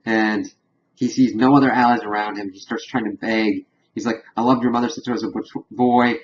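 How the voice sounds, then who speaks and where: A man's voice: fairly low pitch, fairly quick, muffled recording, a little hiss or hum. A young man casually recapping and reviewing a TV episode, retelling scenes and briefly voicing characters' lines. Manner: animated retelling, lightly acting out characters' lines. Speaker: TV show reviewer.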